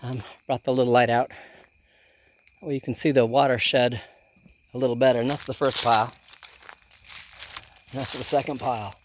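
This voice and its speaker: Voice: medium pitch, fairly even intonation, normal speed, long pauses, a little hiss or hum. Casual gardening vlogger, rambling, lots of ums, outdoors, phone camera. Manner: chatty, thinks aloud, many ums. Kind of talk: casual chat to camera while working. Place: outdoor garden and hoop tunnel.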